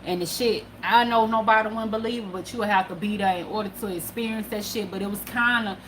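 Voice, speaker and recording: Woman, casual vlog storyteller, profane and animated, faint background noise. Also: mid-range voice, quick pace. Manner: animated and profane, swinging between hushed and loud. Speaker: spiritual channel host.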